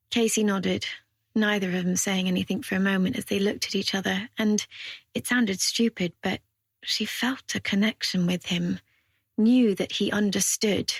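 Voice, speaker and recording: A woman narrating an audiobook thriller in an even, measured reading. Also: mid-range voice, breathy edge, no echo, studio quality. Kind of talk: scripted narration.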